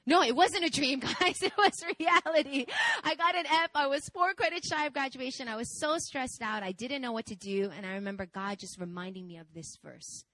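A woman in her twenties preaching a sermon, telling a personal story in a candid, animated, conversational way. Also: high voice, brisk, no echo, rough recording. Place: church service.

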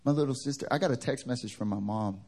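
A male pastor from the American South, preaching a sermon through funny personal stories, animated and joking. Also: mid-range voice, fast talker, creaky. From Southern United States. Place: church service.

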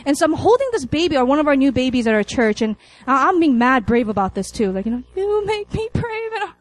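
A young woman delivers a sermon to college students in a fairly high voice. Her pitch swoops widely as she tells stories with laughter and acts out lines. Her delivery is animated and conversational. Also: fast talker, dry recording, low-quality recording. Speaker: preacher.

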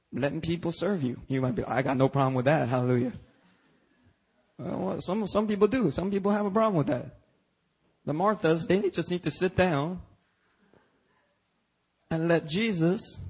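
A male pastor preaching a sermon, acting out dialogue with God and Jesus and jumping into high shouts. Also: breathy edge. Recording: preached live in a church.

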